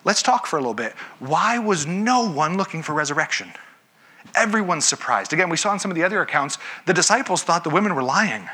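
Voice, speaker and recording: A man's voice: on the high side, big pitch swings, brisk, pushed and bright. A man preaching a sermon, telling the story with animation and acting out the characters. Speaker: pastor.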